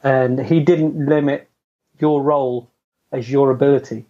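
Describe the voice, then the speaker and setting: A man's voice: mid-range voice, steady tone, a little slow. A middle-aged man telling his career story as an interview guest, chatty and self-deprecating, laughing often. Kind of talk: casual storytelling. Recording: dull lo-fi audio.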